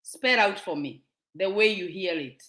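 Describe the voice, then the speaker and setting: This show host, a Kenyan woman with a Kenyan accent, uses an animated, mid-range, slightly bright voice and takes her time. She fervently scolds viewers with rhetorical questions in an impassioned monologue, and the room echoes.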